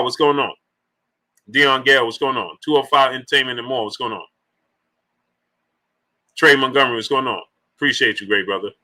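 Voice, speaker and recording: A man hosting a boxing live stream in a loose, joking chat style, shouting out viewers by name and urging them to like the video. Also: mid-range voice, poor audio. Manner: loose, laughing, joking banter. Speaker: boxing livestream host.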